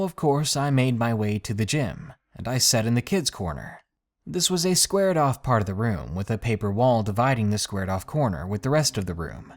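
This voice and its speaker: A man reading out a creepy first-person story as a scripted narration, with an expressive storytelling delivery. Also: fairly low pitch.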